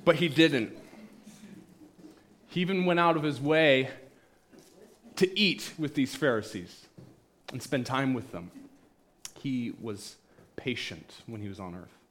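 A man delivers a sermon in a mid-range voice, retelling stories to his listeners. He plays out the quoted voices, climbing loud for the angry crowd and falling to a near hush for the tender moments. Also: mid-range voice, takes it slowly, long pauses, a little hiss or hum. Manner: storytelling, acts out quoted voices, swings between loud and hushed. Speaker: pastor.

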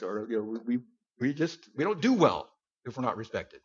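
A man's voice: medium pitch, big pitch swings, brisk, husky. A man teaching a Bible passage to a group in a conversational, folksy sermon style with asides. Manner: conversational, folksy, with asides and sudden loud outbursts. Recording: dull lo-fi recording.

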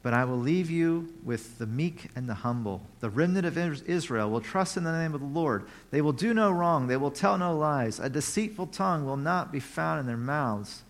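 A man preaching a sermon in a conversational way, reading scripture aloud and now and then breaking into joyful shouts. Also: on the high side, lively intonation, moderate pace, hardly any pauses. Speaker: pastor.

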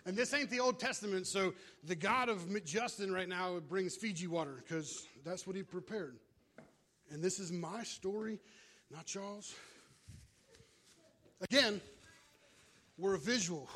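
A man preaching a sermon, animated and joking, out of breath as he moves about with props. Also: sits high, moderate pace, pauses often. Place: church.

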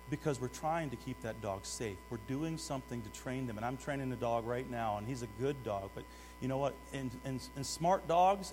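A middle-aged male pastor preaching with a somewhat high voice, rising to loud, urgent appeals and dropping into quiet asides. He keeps putting direct questions to his congregation. The sound carries a long hall reverb over a faint mains hum. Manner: swings between loud urgent exhortation and hushed asides. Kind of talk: sermon.

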